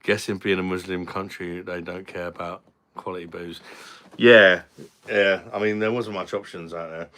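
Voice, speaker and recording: A British man with a low voice and a bright, forceful edge hosts a relaxed livestream. He greets viewers and chats bluntly, joking and swearing as he goes. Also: normal speed. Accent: British English. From Britain. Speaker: livestream host. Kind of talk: casual livestream chat reading comments.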